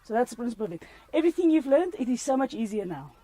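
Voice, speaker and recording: A woman's voice: on the high side, sing-song, rapid-fire, warm tone, no echo. Woman, CPR instructor, playful, laughs a lot, teacherly questions. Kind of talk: hands-on first-aid class.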